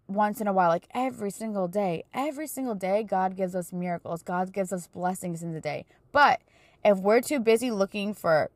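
A woman's voice: medium pitch, no room sound. A young woman hosting a casual faith-based podcast, chatting with lots of "like" and "you know". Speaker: podcast host.

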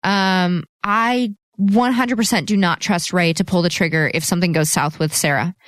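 A woman's voice: fairly low pitch, moderate pace, no echo, studio quality. A woman in her twenties co-hosting a podcast, chatting casually and laughing often. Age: 20s. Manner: chatty, giggly, animated. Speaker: podcast co-host. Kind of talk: casual chat.

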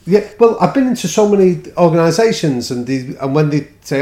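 A man's voice: on the high side, a little fast. A man, a podcast guest who tells stories and acts out the people he quotes. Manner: animated storyteller, acts out quoted exchanges. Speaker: guest speaker on culture and leadership. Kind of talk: podcast conversation. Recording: roomy echo.

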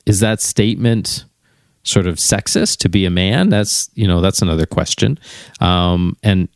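Deep-voiced middle-aged man musing candidly. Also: no room sound, studio quality. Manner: candid, musing, searching for words. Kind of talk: reflective personal monologue.

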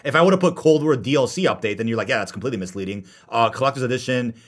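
Guy hosting a podcast, talks super fast, chatty, middle pitch. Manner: fast, animated, reads viewer comments aloud. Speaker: podcast host. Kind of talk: casual podcast chat.

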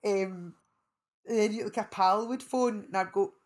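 Woman, Scottish accent, middle-aged, guest on an interview, animated storytelling, rambling asides, medium pitch. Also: measured pace. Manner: animated, rambling anecdotes with restarts. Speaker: actress guest. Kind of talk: casual storytelling chat.

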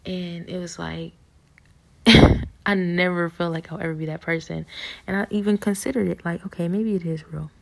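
Woman, husky gravelly voice, soft halting half-whisper, personal faith testimony. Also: on the low side, steady tone.

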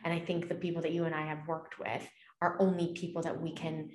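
A woman's voice: deep voice, level tone, brisk, echoey room. A woman co-hosting a conversation who speaks earnestly and reflectively about spiritual matters. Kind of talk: casual conversation.

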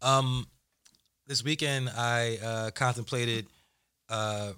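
A man co-hosting a casual podcast, bantering in easygoing slang and laughing often. His voice is bright and forward. He rambles through stories in a relaxed way. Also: mid-range voice, slow, clear, resonant tone. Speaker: podcast co-host. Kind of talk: casual chat.

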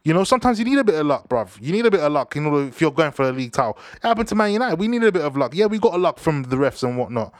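A young man, giving casual football banter in an animated, slang-heavy way. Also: on the high side, racing, hardly any pauses, no room sound, clean studio sound. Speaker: football vlogger.

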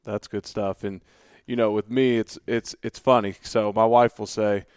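Smooth-voiced man hosting a podcast. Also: on the low side, normal speed, no echo, studio quality. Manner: relaxed, conversational, many fillers. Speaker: host, coach. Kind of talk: casual podcast interview.

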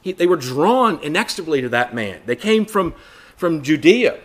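Male Bible study preacher, earnest and rhetorical, with a lively voice that rises and sinks a lot. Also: fairly high pitch, normal speed. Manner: earnest, rhetorical questions, repeats phrases for emphasis; addresses listeners as brothers and sisters.

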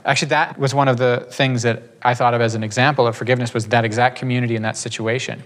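A man's voice: medium pitch, steady tone, fast talker, fairly bright tone. A man leading a church class, teaching and telling stories informally, rambling with restarts and acting out quotes.

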